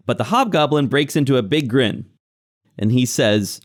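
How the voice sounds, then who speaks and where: A man's voice: mid-range voice, lively intonation, normal speed. A man narrating a tabletop game as game master, describing scenes with frequent fillers.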